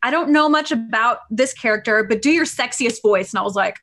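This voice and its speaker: A woman's voice: fairly high pitch, brisk, fairly bright tone. A woman voice actress on a panel, telling an anecdote in a chatty way, full of fillers and restarts. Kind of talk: casual anecdote.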